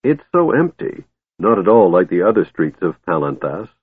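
A man voicing a shrill, curious and cheeky male kender in a storybook reading, chatty and lofty, on a tinny phone-like recording. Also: sing-song, moderate pace, slightly rough, dry recording, exaggerated voice. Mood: eager. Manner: chatty, lofty, easily wounded.

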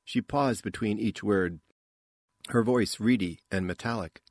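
A man narrating an audiobook in an unhurried, expressive manner. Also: on the low side, no room sound. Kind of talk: scripted narration.

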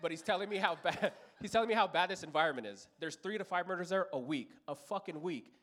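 A fast-talking man in his thirties from Los Angeles, his voice sitting high, tells a profane story as a stand-up comedian on a comedy club stage before an audience. He animates the characters with distinct voices throughout his routine.

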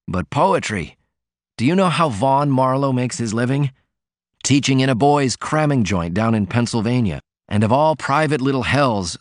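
A male reader gives voice to a sickly, sardonic poet who pours scorn on critics and magazines. His lines come out as passionate, declaiming rants, even in pitch and set in a dry, close sound. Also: no echo, close to an everyday voice. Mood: scornful.

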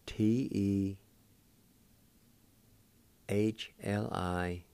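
Brief Male radio language instructor, patient and encouraging, unhurried delivery, mellow low voice, dry close sound. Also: steady tone, creaky, clear, resonant tone, no room sound. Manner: patient, spells words out letter by letter and syllable by syllable; encouraging toward learners. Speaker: radio host teaching Cherokee words.

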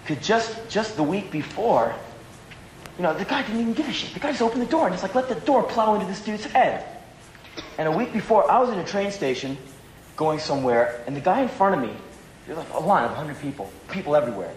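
A man with a slightly high voice delivers a rambling, profane stand-up monologue. His delivery is animated and loose, and the live venue around him sounds echoey. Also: fairly quick, a little hiss or hum. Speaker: stand-up comedian.

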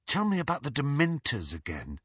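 An earnest young girl with a lifted, emotional voice, put on by a man reading a storybook. Her lines swing widely in pitch and carry a husky grain. The recording sounds dry and slightly dull. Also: huge pitch swings, fairly quick, fairly bright tone, no echo, exaggerated voice. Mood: concerned. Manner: pleading, emotional, higher voice.

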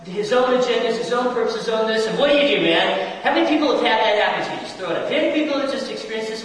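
A man's voice: extremely high pitch, rapid-fire, few pauses, fairly bright tone. A man pastor preaching a sermon, talking straight to the congregation and asking them questions. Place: church hall. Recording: echoey hall, distant mic.

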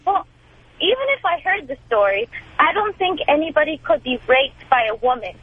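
A woman's voice: high-pitched, very animated, moderate pace, no room sound. A woman calling in to a radio show from Queens, defensive and indignant. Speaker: caller. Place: Queens, New York. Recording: phone line.

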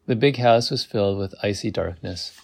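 A man's voice: lowish voice, normal speed, vocal fry. A man reading a novel aloud, amused, who stops to comment on the text. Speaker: reader.

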